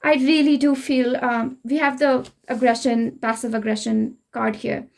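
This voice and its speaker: High-voiced Indian woman reading tarot. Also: level tone, a little slow, vocal fry. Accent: Indian English. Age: young adult. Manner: gentle, reassuring, speaks straight to the listener. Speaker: tarot reader. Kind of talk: spiritual tarot reading to camera.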